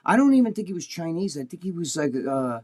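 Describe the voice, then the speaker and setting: A little high and a little mellow, his voice is very animated, and he talks fast. He co-hosts a podcast full of casual profanity, speaking crudely and bluntly and doing other people's voices as he tells his stories.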